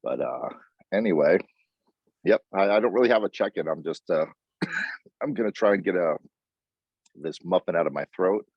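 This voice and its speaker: A man chatting on a video call from outside by a house, halting with many fillers and pauses. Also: sits low, expressive, slightly rough, dry recording. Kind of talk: casual chat. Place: outdoors by a house in the sun. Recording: dull lo-fi video call audio.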